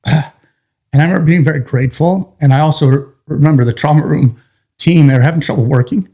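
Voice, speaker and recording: A male firefighter with a fairly high-pitched voice speaks a little fast while telling a story as an interview guest. He's animated, laughs through the funny bits, and swears casually.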